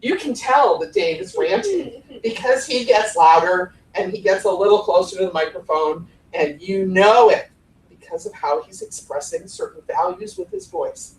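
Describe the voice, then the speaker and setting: A woman in her forties from the Cleveland area giving a playful, lively workshop talk to a room, acting out tones of voice as she goes. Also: medium pitch, moderate pace, a little hiss or hum. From Cleveland area, USA. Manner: animated, playful, demonstrates tones of voice. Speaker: conference presenter. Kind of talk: live workshop talk on podcast voice technique. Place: conference room with audience. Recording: roomy live room recording from a distance.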